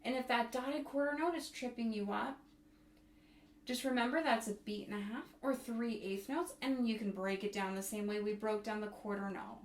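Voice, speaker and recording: A woman's voice: fairly high pitch, normal speed. Woman singing out rhythms in an echoey room. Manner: counts and sings rhythms aloud. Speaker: bassoon instructor. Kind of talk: music tutorial. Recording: echoey room, faint noise.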